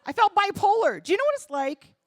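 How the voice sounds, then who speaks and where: A woman's voice: very high-pitched, big pitch swings, brisk, no room sound, studio quality. A woman from New doing stand-up comedy on a comedy club stage, punchy and self-deprecating, talking straight to the crowd. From New Jersey.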